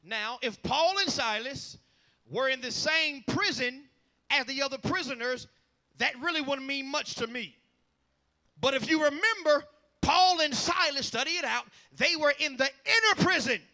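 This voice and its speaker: A man with a Southern accent preaching a revival sermon, shouting in bursts and filling pauses with "uh". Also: very high-pitched, animated.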